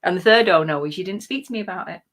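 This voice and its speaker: A woman's voice: on the low side, rapid-fire. A woman co-hosting a live stream, teasing her partner and laughing often in casual chat. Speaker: co-host.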